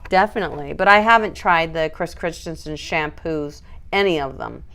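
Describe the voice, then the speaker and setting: A woman dog groomer hosting a casual live stream, chatting and reading out viewer comments in an animated, laughing way. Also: low-pitched, normal speed.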